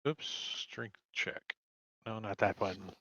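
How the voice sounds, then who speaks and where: Slow, bright-voiced male game master. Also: fairly low pitch, steady tone, no room sound, highs cut off. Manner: unhurried, descriptive, with hesitant fillers. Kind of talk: narrating a tabletop game.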